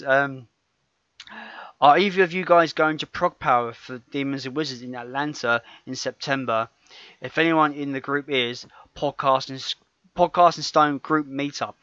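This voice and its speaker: A man's voice: mid-range voice, normal speed, sharp tone, dry recording. Rambling, laughing man, dry lo-fi sound. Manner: rambling, self-correcting, laughs often. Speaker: podcast co-host. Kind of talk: casual podcast chat. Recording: dull lo-fi sound.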